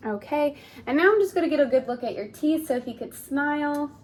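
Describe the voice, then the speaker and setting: A young woman, a speech therapy student, examines a client with polite, encouraging step-by-step instructions, repeatedly saying "awesome." Her high-pitched voice is expressive and brisk.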